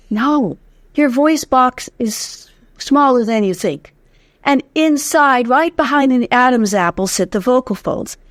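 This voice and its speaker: Lively woman explaining voice technique. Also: mid-range voice, no room sound, clean studio sound. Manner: demonstrative, lively, counts aloud in breath drills. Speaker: voice teacher. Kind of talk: explanatory teaching in an interview.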